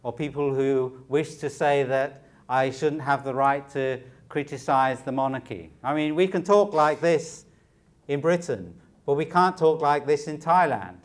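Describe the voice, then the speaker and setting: A man's voice: a little high, measured pace. Male lecturer taking questions, direct and inviting debate. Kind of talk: academic Q&A. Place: university lecture room.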